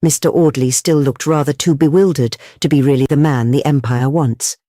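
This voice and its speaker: An audiobook narrator reading a classic detective story in a measured, even way. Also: medium pitch, dry recording, studio quality. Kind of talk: scripted narration of a classic novel.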